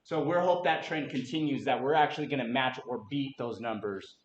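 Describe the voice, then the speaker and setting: A man in his late thirties presenting a real estate market update to a room, energetic and quizzing the audience. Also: medium pitch, a little fast, slight background noise. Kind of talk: interactive office presentation. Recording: echoey room, dull lo-fi sound.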